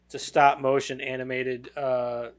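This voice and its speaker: A man's voice: medium pitch, level tone, measured pace. A man hosting a podcast in casual chat, joking and laughing easily. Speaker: podcast host.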